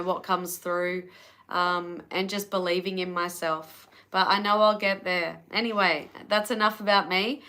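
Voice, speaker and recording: A woman's voice: medium pitch, bright, forceful tone. A woman with an Australian accent doing a casual live tarot reading and chatting with viewers between cards. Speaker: tarot reader.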